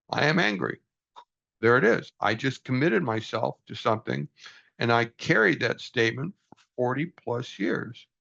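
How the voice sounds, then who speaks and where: A man's voice: mid-range voice, vocal fry, a bit bright. An older man reading from a book aloud and reflecting on it in an earnest, folksy, self-deprecating way, on a dull lo-fi recording. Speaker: book study host.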